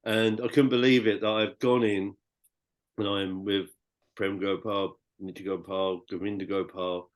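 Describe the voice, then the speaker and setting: A man's voice: fairly low pitch, flat delivery, a little slow. A British man, a podcast guest, telling his personal story in a rambling, heartfelt way with many restarts. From Britain.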